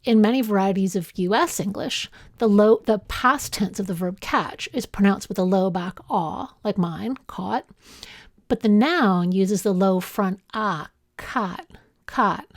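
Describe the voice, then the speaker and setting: A woman with a Canadian accent, a linguistics instructor reading a lecture in a clear, measured way, slowing down to sound out example words. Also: medium pitch, no room sound, clean studio sound. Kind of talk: scripted lecture narration.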